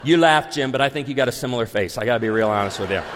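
A man in his forties, a pastor, preaching a sermon with animated, humorous storytelling. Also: mid-range voice, racing, long reverb tail, a little hiss or hum. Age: 40s.

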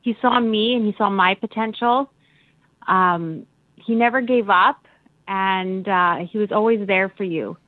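A woman remembering her father in an interview, candid and animated, a little choked up. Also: medium pitch, a little slow, no echo. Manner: animated, candid, laughing often. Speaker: daughter. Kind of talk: emotional interview. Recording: dry phone-like line.

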